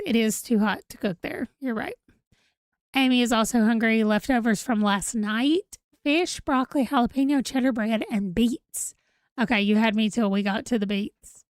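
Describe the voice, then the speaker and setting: A chatty woman hosts a casual livestream. She rambles, reads viewer comments aloud, and sounds a little tired. Her voice sits a bit high, recorded close and dry. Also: dry recording. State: yawning, tired. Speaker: livestream host.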